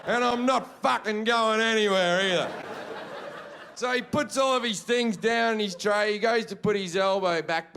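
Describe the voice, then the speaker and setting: A man doing stand-up comedy, telling a story in a profane, animated way and acting out the characters. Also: high voice, a little hiss or hum. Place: comedy festival stage.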